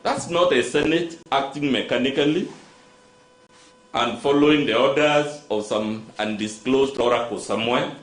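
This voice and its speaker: Un abogado con acento keniano, de tono medio, presenta sus alegatos con formalidad y preguntas retóricas, dirigiéndose una y otra vez al juez. Su voz resuena en una sala de tribunal con mucho eco. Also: male voice, mid-range voice, moderate pace. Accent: Kenyan. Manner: formal, rhetorical, repeatedly addressing the judge. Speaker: advocate. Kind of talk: courtroom legal submission. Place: courtroom. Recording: echoey courtroom audio.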